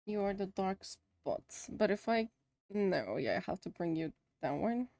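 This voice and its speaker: A woman's voice: medium pitch, very animated, measured pace, warm tone, no room sound, clean studio sound. A woman streamer chatting casually to herself as she works on a drawing. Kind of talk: casual chat while drawing.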